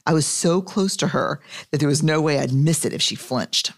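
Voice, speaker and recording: A woman's voice: deep voice, normal speed. A woman hosting a podcast, reading her own memoir aloud with wry asides, swearing and laughing often. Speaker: podcast host.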